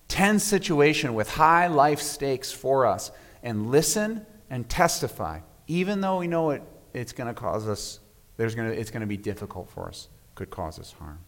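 Reflective male pastor in a reverberant hall. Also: on the high side. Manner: measured and reflective, often dropping to a soft hush at phrase ends. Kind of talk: sermon. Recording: long reverb of a large hall.

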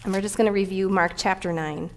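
A middle-aged woman pastor in the middle of a sermon. She tells a personal story with animated, heartfelt delivery, then moves into the scripture. Her pitch sits at an ordinary middle height for a woman. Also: fast.

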